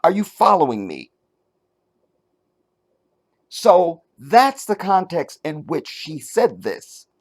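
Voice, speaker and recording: Animated man talking to his viewers. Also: a little high, slow pace, pauses often. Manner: animated, talks straight to the viewer, asks if they follow; searches for words, many restarts and fillers. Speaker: commentary channel host. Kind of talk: casual opinion commentary.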